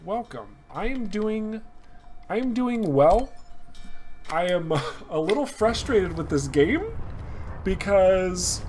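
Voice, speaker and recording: A man's voice: high-pitched, animated, slow, pauses often, a little mellow, a little hiss or hum. A young man giving casual live commentary on a game, chatting with viewers. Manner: chatty, talks to chat viewers by name. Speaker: gameplay streamer.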